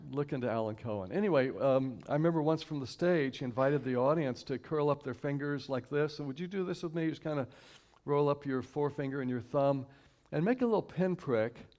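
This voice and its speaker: A man's voice: mid-range voice, a little mellow. Man giving an easygoing church sermon. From Houston, Texas. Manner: conversational, repeats key lines slowly, invites the audience to join in. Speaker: guest speaker and singer at a church service. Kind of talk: inspirational sermon talk. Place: church sanctuary, live stream.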